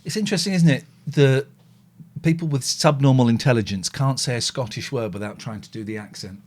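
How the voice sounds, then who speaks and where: A man hosting a live show, chatting casually in a playful, teasing way with sudden loud outbursts. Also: mid-range voice, brisk. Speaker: radio host.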